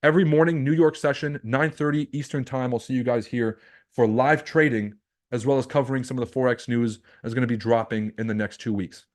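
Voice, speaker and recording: A man's voice: mid-range voice, steady tone, brisk. Blunt, profane man coaching live. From Lebanon. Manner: talks straight to viewers, rhetorical questions. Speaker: trading coach and livestream host. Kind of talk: livestream coaching talk.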